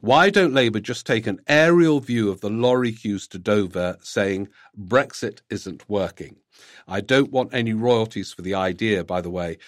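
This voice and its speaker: A man's voice: on the low side, moderate pace, no room sound, clean studio sound. A man hosting a podcast, reading out listener emails and then commenting on them in a conversational way, with frequent "uh"s. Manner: reads letters aloud, then comments with frequent fillers.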